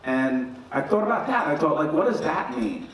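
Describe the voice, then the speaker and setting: His voice a bit high and his pace normal, the groom's middle-aged father entertains the reception with funny anecdotes, acting out everyone's voices with animation. The hall is very echoey, the mic sits far away, and faint noise lingers.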